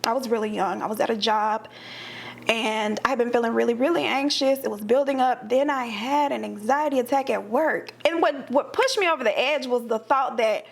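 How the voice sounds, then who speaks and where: Woman guest on a podcast, kinda high and raspy, gravelly, chatty storyteller. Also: moderate pace. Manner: chatty, acts out her own inner thoughts in quotes. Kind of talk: casual conversational storytelling.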